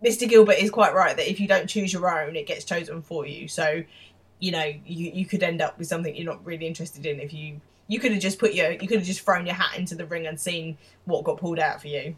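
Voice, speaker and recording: A woman's voice: fairly low pitch, quick pace, slightly rough. A woman chatting through a TV episode on a casual podcast, hedging with fillers and laughing easily. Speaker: podcast co-host.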